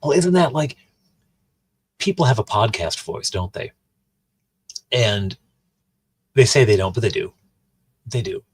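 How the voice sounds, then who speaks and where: Deep husky guy rambling on his stream, dry close sound. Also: lively intonation, takes it slowly, pauses often, no echo. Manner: rambling, chatty, many restarts and asides to chat. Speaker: streamer and host. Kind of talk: casual chat while livestreaming.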